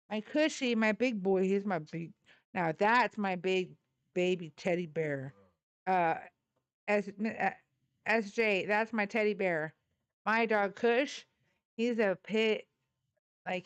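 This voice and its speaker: Livestream host, woman, smooth clear voice, loose rambling chat with laughs and casual swearing. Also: mid-range voice, dry recording. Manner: coos baby talk at her dogs.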